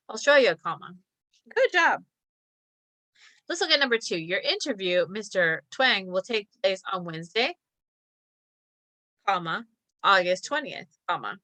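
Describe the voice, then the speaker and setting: Bright-voiced woman teaching punctuation. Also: medium pitch, dry recording. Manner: reads sentences aloud and names each comma; chatty asides about a company. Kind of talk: classroom lesson, reading practice sentences aloud.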